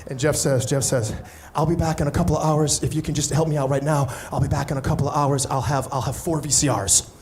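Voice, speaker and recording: A man's voice: fairly high pitch, quick pace, few pauses, slight background noise. A man doing stand-up, telling a story with energy and acting out the other people in it. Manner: animated, acts out other people's voices. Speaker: stand-up comedian.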